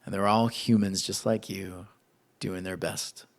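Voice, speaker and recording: A man preaching a sermon in an animated, conversational way. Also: low voice, unhurried, gravelly. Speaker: pastor.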